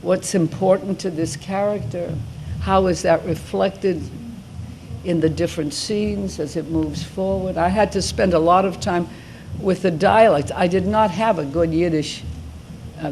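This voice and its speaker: A woman in her seventies speaking to high school students as a guest, talking informally and rambling with frequent restarts. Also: a little mellow, a little hiss or hum. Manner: rambling, restarts mid-thought. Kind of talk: informal talk and Q&A.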